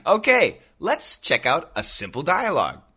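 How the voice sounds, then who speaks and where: A man with an American accent teaching English on a podcast, upbeat and clear, repeating phrases for the listener. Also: on the high side, huge pitch swings, moderate pace, bright, forceful tone. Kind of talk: podcast lesson.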